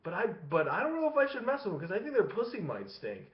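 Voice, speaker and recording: A man's voice: sits high, wildly swooping pitch, fast. A man casually telling a long profane story to his webcam, rambling and laughing between phrases. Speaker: vlogger. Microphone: webcam facing him. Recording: echoey room, dull lo-fi sound.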